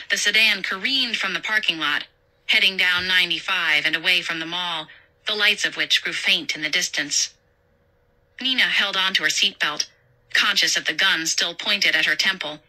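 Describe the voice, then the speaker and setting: Woman, horror story narrator, sharp bright tone, lowish voice, steady measured storytelling. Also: rough recording.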